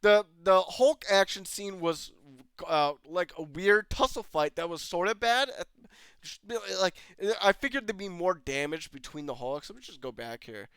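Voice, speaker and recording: An exasperated online reviewer rants over footage, with a lively voice that swings up and down and a smooth, resonant tone. The sound is close and dry, with no room echo. Frequent laughter and swearing punctuate the disbelieving questions. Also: medium pitch, moderate pace. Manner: laughs often between lines, swears freely; exasperated, incredulous rhetorical questions. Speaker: video reviewer. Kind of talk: ranting commentary over footage.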